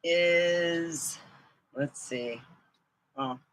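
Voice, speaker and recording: A woman's voice: lowish voice, very slow, low-quality recording. A woman vlogger in casual chat, rambling and laughing as she talks. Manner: rambling, chatty, laughs often.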